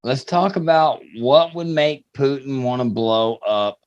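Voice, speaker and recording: A man's voice: mid-range voice, unhurried, clean tone, no echo, lo-fi sound. A man co-hosting a casual talk show, blunt and profane, joking with his partner. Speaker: podcast co-host. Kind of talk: casual crude banter.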